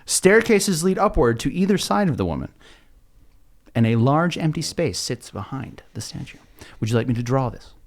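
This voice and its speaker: A man's voice: medium pitch, big pitch swings, normal speed. A man running a tabletop game as game master, narrating scenes in a laid-back, descriptive way between laughs.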